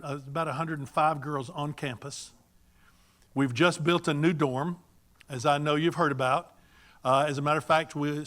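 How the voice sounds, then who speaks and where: An older man speaking to a church congregation in a bright, forward voice that sits a little high for a man. He tells his stories in a folksy, animated way and now and then calls out a greeting with gusto. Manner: animated, folksy storytelling with bursts of loud greetings. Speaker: church speaker for a mission ministry. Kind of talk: sermon-style storytelling to a congregation.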